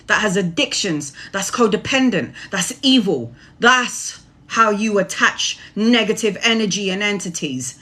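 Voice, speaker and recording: A woman's voice: mid-range voice, expressive, unhurried, few pauses, bright, forceful tone. Sweary, preachy woman tarot reader. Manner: casual, preachy, swears freely. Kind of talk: spiritual monologue.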